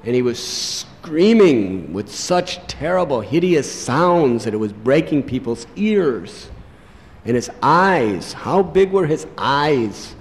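A man delivers a sermon as dramatic storytelling, drawing out words at an unhurried pace. His voice rings through a large hall with a long reverb trailing each phrase. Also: mid-range voice, big pitch swings. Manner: dramatic storytelling, slows for emphasis. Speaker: preacher.

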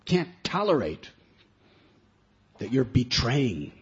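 A man preaching a sermon in an animated storytelling way, on a muffled lo-fi recording. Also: mid-range voice, slow, husky. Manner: animated storytelling with sound effects.

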